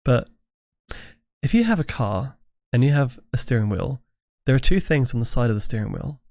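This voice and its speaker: A man's voice: medium pitch, expressive, moderate pace, a little mellow, dry recording, clean studio sound. A British man hosting a casual livestream, rambling, restarting his sentences and swearing freely into a desk microphone. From Britain. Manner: rambling, self-interrupting, swears and laughs easily. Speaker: livestream host.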